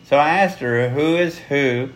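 A man's voice: medium pitch, measured pace. A man hosting a podcast, chatting casually and joking crudely over drinks with friends. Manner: laughing, joking, crude banter. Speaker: podcast host.

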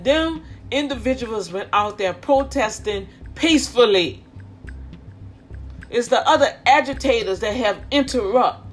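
A middle-aged woman preaching informally and with fervor, repeating herself and calling out to her listeners. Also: a little high. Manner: fervent, repetitive, with calls to the listeners.

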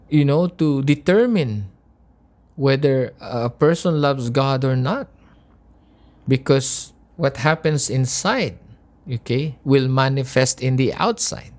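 A woman's voice: low voice, a little mellow. A woman preaching a sermon, impassioned and emotional, asking repeated rhetorical questions.

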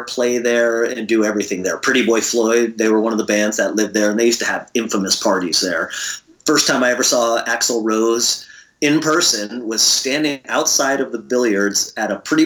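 A middle-aged man from Connecticut, speaking at an ordinary middle pitch. He is a musician guest spinning loose, rambling stories. He laughs often and swears casually along the way. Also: a bit bright. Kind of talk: casual storytelling interview.

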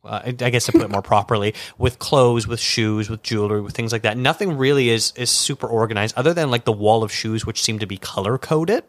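A man's voice: mid-range voice, fairly quick, hardly any pauses, no echo. Brief: male co-host, casual and reflective, dead-dry recording. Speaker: podcast co-host. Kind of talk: casual chat.

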